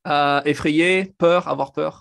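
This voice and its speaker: A man's voice: on the high side, fairly even intonation, a little slow, vocal fry, a bit bright, clear, resonant tone, no echo, studio quality. A man from France with a French accent, speaking as a guest on a casual podcast, friendly and self-deprecating. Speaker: guest, law professor.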